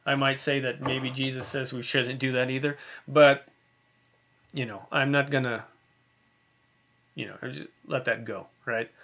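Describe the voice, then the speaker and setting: A man's voice: mid-range voice, steady tone, unhurried, pauses often, pushed and bright, highs cut off. A man teaching a Bible lesson in a conversational way, often asking "right?" and using fillers. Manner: conversational, many tag questions and fillers. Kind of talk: recorded online lesson.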